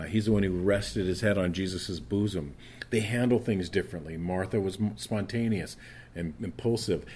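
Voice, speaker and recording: A low-voiced male pastor in middle age gives an earnest sermon. He presses his points with emphasis and often stumbles into restarts as he goes. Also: a little mellow.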